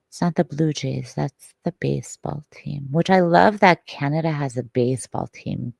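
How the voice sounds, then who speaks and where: Woman livestreamer from Detroit, slow, low and gravelly, rambling casual chat with swearing, dry close sound. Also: steady tone, a little mellow, no room sound. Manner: rambling, swearing, drifting in and out of whispers.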